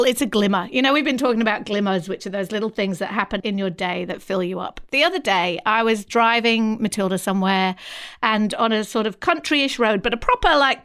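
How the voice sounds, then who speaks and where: An Australian woman co-hosts a podcast in relaxed, casual chat. She tells her stories with animation and laughs often, in a voice set somewhat high. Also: smooth. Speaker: podcast co-host.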